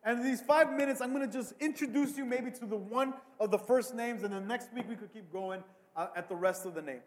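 Delivering a brisk, dynamic sermon, a male pastor with a high voice alternates near-whispered asides with loud bursts on key words. He repeats himself to build his points, and a large hall gives his voice a long reverb.

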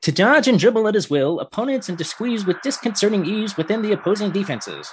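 A man's voice: high voice, sing-song, quick pace, a little hiss or hum, pitched above the performer's own voice, poor audio. A man voicing an old-timey male radio announcer in a theatrical, lofty delivery. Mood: grandiose. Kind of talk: 1940s radio acting.

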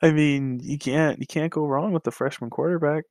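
A man's voice: fairly high pitch, fairly even intonation, normal speed, a little mellow, no room sound. A man co-hosting a casual sports podcast, talking hesitantly with lots of fillers and sighs.

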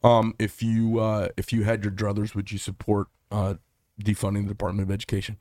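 A man's voice: lowish voice, monotone, fairly quick, a little mellow, dry recording, clean studio sound. A middle-aged man hosting a political interview, talking in a passionate, opinionated, rambling way. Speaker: talk show host.

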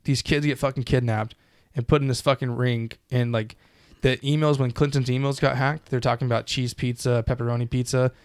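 A man co-hosting a casual podcast, talking in a loose, animated ramble that is packed with swearing. His voice sits at an ordinary middle pitch, and the recording is dry and close. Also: fairly quick, few pauses, clear, resonant tone, no echo. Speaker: podcast co-host.

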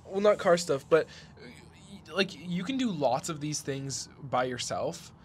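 A young man co-hosting a casual podcast, trading quick, reactive banter. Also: on the high side, expressive, darkish tone, slight background noise. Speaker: podcast co-host. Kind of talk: casual chat.

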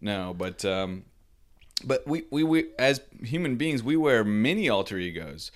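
A man co-hosting a casual comedy podcast, teasing his friends in deadpan banter. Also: medium pitch, a little slow. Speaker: podcast co-host.

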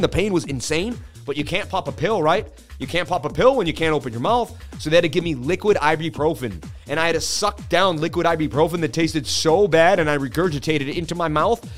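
A man hosting a crypto livestream, telling rambling stories in casual slangy chat and saying "dude" and "man" a lot. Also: a little high.

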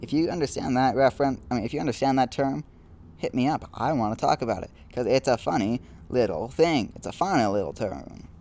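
A young man talks alone into his podcast while sitting outdoors. He rambles and pokes fun at himself, and he often stumbles and restarts his sentences. His voice sits at an ordinary middle pitch for a man. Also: expressive, darkish tone. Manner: rambling, self-deprecating, halting restarts. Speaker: podcast host. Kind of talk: casual solo podcast monologue.

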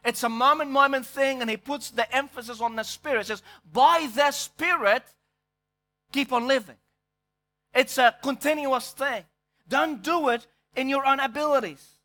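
A man's voice: very high-pitched, steady tone, normal speed, sharp tone. A male pastor preaching a sermon, emphatic, often repeating words as he searches for the next phrase.

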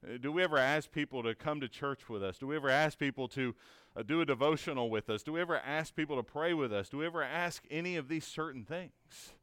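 A man's voice: a little high, fast, fairly bright tone, clean tone, no echo. A man teaching a conversational Bible lesson in an earnest, encouraging way, asking many rhetorical questions and often checking in with "right?".

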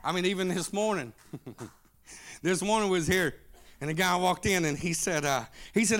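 A man preaching a sermon as a bishop, telling stories and building up to shouted, chanting peaks. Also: high voice, lively intonation, moderate pace, pauses often. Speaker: bishop and pastor. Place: church.

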